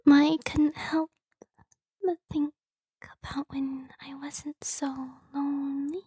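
A woman plays a playful, clingy younger sister in a whispered role-play, her high voice drifting slowly between soft breathy whispers and light giggles with little pitch movement. The mood is teasing. The dry, echo-free sound is intimate, pressed right up to the microphone.

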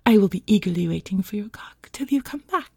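A flirtatious housewife purrs her lines in a put-on French accent, as a woman plays her in whispered role-play. The voice is husky and gravelly, with a teasing, giggly manner. The sound is dry and close. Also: medium pitch, lively intonation, brisk, a little mellow, no room sound. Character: seductive French housewife sending husband off.

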